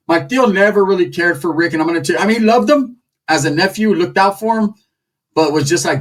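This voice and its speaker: A man spinning a crude, comedic story full of slang, with lively swings in his pitch. His voice is husky and a little raised. He sits some way back from the microphone. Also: brisk, recorded from a distance. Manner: animated, crude, slang-heavy.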